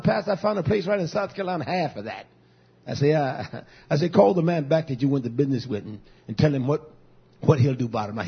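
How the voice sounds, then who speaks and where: A pastor preaches in a husky, high-pitched voice, his pitch leaping up and down as he tells stories and acts out both sides of conversations. The recording is dull and lo-fi. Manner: lively, storytelling, quoting others in conversation. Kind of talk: sermon.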